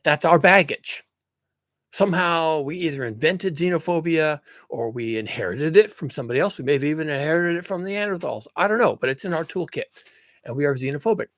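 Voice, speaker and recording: Man, casual monologue, emphatic and rambling, fairly high voice. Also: no echo. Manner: animated, emphatic, rambling with restarts. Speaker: commentator on climate and human nature.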